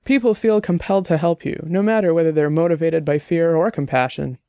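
A woman's voice: low voice, fairly quick, dry recording, lo-fi sound. A man reading the part of a chatty young woman programmer, bubbly and teasing, in an audiobook.

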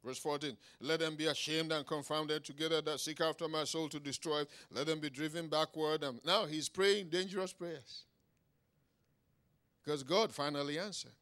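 A man preaching a sermon emphatically, swinging between quiet asides and loud exclamations and checking in with his listeners. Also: a little high, moderate pace. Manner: engages the audience with "Huh?" and "Is anybody getting anything?".

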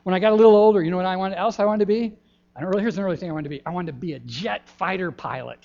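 An older man, a pastor giving a gentle, folksy children's sermon in a church, pausing often with ums. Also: sits high, gravelly. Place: church sanctuary. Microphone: handheld microphone. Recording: dull lo-fi church recording.

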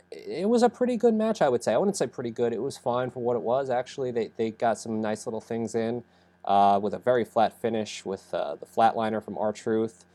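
A man's voice: lowish voice, mellow. A young man who says he is sick, rambling through a casual podcast recap with many fillers and self-corrections. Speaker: podcast host reviewing wrestling.

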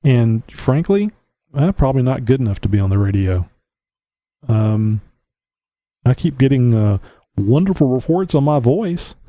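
Dark-voiced Southern man podcasting. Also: mid-range voice, sing-song, measured pace, pauses often, no room sound. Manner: opinionated, blunt, chuckles to himself. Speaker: podcast host. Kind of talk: casual rambling monologue. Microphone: home podcast mic.

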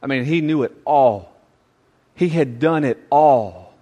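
A man's voice: mid-range voice, slow, dark tone. A man preaching a youth sermon, conversational and emphatic with folksy asides.

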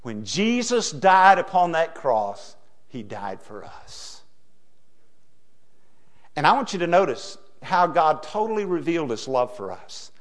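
A middle-aged preacher from delivers a folksy sermon. His voice sits fairly high for a man and moves constantly, sliding between hushed, intimate asides and loud, emphatic peaks. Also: sing-song, unhurried. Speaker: pastor.

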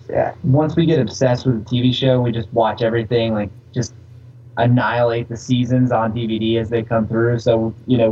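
A man's voice: fairly low pitch, dark tone, slightly rough, distant mic, lo-fi sound. A man co-hosting a podcast, chatting enthusiastically and loosely with lots of fillers. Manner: enthusiastic, laid-back, hesitant with fillers. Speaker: podcast co-host. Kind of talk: casual chat.

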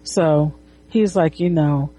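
A woman's voice: sits low, slow pace, warm tone. A woman casually retelling a comic book, rambling with restarts and swearing. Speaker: comic reviewer.

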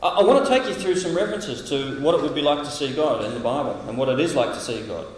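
An Australian man preaching at a camp, lively and dramatic, acting out lines from scripture. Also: on the high side, quick pace, a little hiss or hum. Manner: animated, acts out voices from scripture passages. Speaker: camp speaker. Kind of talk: sermon. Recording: echoey hall, heard from a distance.

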